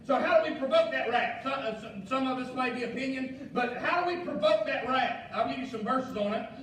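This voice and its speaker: A male pastor, preaching a fiery sermon with shouted emphasis and folksy asides. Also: extremely high pitch, brisk. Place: church sanctuary. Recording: echoey church hall, mic far off, faint noise.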